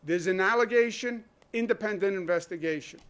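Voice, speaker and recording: A man's voice: sits high, fairly quick, fairly bright tone, clean tone. A man speaking as governor at a press conference, emphatic and full of rhetorical questions. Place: indoor briefing room.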